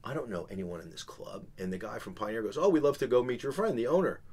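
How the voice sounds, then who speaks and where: A man's voice: medium pitch, fast talker, creaky, a little hiss or hum. A man, telling a long business story on a podcast and acting out the people in it. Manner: animated, acts out quoted people. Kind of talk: casual storytelling.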